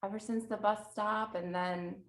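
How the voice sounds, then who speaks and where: A woman's voice: mid-range voice, steady tone, moderate pace, reverberant. A woman in her thirties, originally from New Jersey, chatting as a podcast guest and laughing often as she tells stories. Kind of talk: casual chat.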